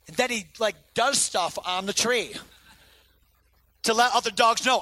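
A man preaching a sermon to a congregation as pastor, animated and swinging between loud outbursts and quiet intensity. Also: very high voice, moderate pace, no room sound. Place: church sanctuary before a congregation.

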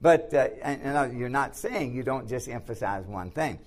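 A man's voice: medium pitch, lively intonation, moderate pace. Man lecturing on missions, "okay?" often. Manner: repetitive, filler-heavy, restarts often; emphatic, asks "okay?" to check in. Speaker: missions instructor. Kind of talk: classroom lecture with slides.

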